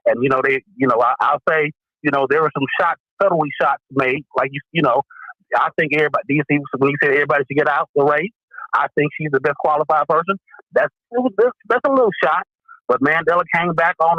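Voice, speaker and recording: A man with a slightly high voice calls in to a talk show and thinks through political questions out loud. His voice comes over a dull, lo-fi call line. There is no room sound around it. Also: no room sound. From Wisconsin, USA. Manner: thinking aloud, analytical. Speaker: caller.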